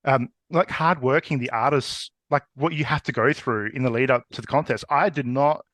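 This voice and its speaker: A man's voice: mid-range voice, moderate pace, a bit bright, dry recording. A man interviewing a guest in a friendly, chatty way, with hesitant fillers. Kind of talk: casual interview chat.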